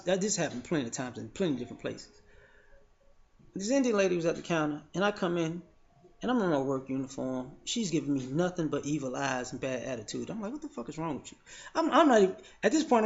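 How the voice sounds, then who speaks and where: A man giving a blunt, profane commentary monologue, telling stories in an animated way. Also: fairly high pitch, vocal fry. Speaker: vlogger. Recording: slightly dull lo-fi audio.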